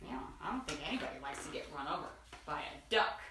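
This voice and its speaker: A teacher reading a picture book aloud, expressive and asking her listeners questions. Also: deep voice, fast talker, roomy sound, far from the mic, crowd noise. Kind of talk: storybook read-aloud.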